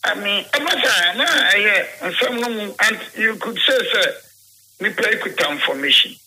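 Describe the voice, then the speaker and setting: A man's voice: high voice, expressive, moderate pace, sharp tone, breathy edge, poor audio. A man with a Ghanaian accent being interviewed, telling a rambling story, switching between English and Twi and acting out the dialogue he quotes.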